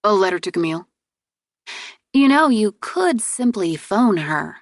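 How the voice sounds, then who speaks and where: A woman reader voicing a proud, exasperated young princess heir in an audiobook, with sharp, indignant retorts. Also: mid-range voice, very animated, measured pace, no echo, studio quality.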